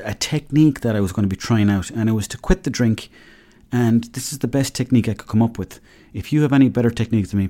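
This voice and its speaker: An Irish man in his thirties rambles through his own podcast, joking and acting out little back-and-forth scenes. His voice sits at a middling pitch with a mellow, soft-edged tone. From Ireland. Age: 30s. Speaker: podcast host. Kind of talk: casual solo podcast monologue.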